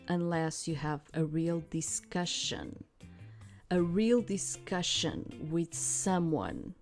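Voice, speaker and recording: A woman streaming a game, chatting casually and explaining at length with lots of fillers. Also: low voice. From outside the United States. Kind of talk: casual let's-play commentary.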